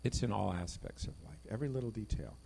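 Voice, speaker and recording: Animated low-voiced man teaching scripture. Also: quick pace, vocal fry, a little hiss or hum. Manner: conversational, reads scripture aloud, animated emphasis. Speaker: Bible teacher. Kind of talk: informal sermon.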